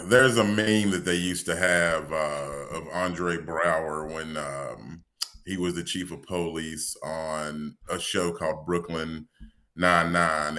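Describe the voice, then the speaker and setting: Slow, low-voiced man with dry humor. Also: a bit bright. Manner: dry, wry, exasperated storytelling. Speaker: podcast co-host. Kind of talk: casual sports podcast chat.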